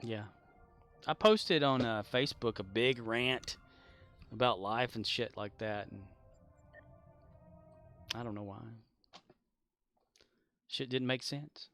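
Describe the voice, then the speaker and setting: A man's voice: medium pitch, slow pace, pauses often, fairly bright tone, soft background music. Laughing, joking male game streamer. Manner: joking, laughs often, rambling asides. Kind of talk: casual gameplay chat.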